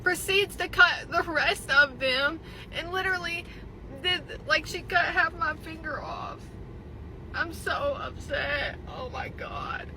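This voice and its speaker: A woman's voice: extremely high pitch, sharp tone, a little hiss or hum, rough recording. A young woman recounting a bad salon visit in an upset, indignant way, talking into her phone in a car. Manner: upset, indignant, fast filler-heavy talk. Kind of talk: venting selfie video.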